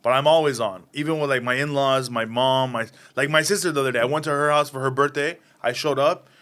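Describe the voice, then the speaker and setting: In a casual interview, this thirty-something stand-up comic rattles off anecdotes quickly in a mid-range voice, lively as he impersonates the people he describes.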